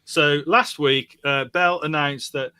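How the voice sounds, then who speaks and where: A man's voice: a little high, steady tone, a little slow, bright, forceful tone, clean tone, dry recording. A man co-hosting a comedy podcast, reading quirky news stories aloud and adding quips. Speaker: co-host.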